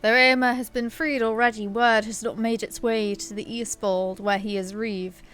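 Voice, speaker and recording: A woman reading aloud the lines of a grave old male wizard in a fantasy game, in a measured, solemn way. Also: on the high side, fairly even intonation, fairly bright tone, soft background music, natural voice.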